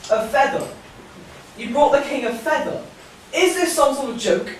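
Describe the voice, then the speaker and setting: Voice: high voice, lively intonation, moderate pace, slight background noise. A performer playing a pompous, self-important male servant of the king in a school stage play, recorded far off in an echoey hall. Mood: scornful. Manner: pompous, fussy.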